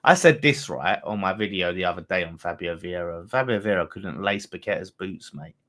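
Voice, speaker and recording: Excitable man reacting to football. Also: low voice, brisk. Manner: excitable, swearing, banter with viewers. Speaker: fan channel host. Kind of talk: live match watchalong commentary.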